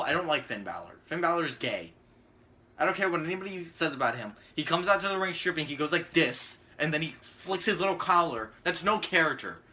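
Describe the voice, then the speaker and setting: A man's voice: fairly high pitch, pushed and bright. A man giving a profane, sarcastic ranting video commentary as a vlogger.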